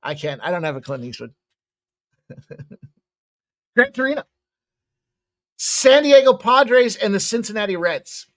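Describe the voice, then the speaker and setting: A man with a fairly high, lively voice talks through sports betting picks in a loose, rambling way. He jokes and swears casually as he goes, and his pitch swings up and down constantly. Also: a little slow, long pauses.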